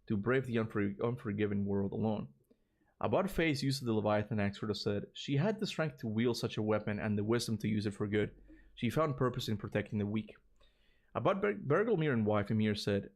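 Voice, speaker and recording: A man's voice: fairly low pitch, a little mellow. A male gaming streamer reading a fan theory aloud on a livestream. He stumbles over words and keeps breaking off into casual asides, full of "bro" and "you know".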